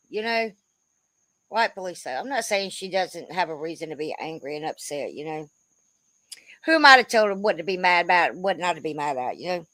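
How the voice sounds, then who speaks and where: Bright, blunt woman in her fifties. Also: lowish voice, dry recording. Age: 50s. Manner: blunt, profane, rambling, says "bro" a lot. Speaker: commentary creator. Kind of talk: casual commentary rant.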